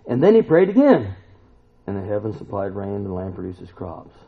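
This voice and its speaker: A man preaching a sermon, emphatic and full of rhetorical questions, now and then climbing to loud exclamations. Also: fairly low pitch, big pitch swings, a little fast, gravelly, breathy edge. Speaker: pastor. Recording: tinny phone-like recording.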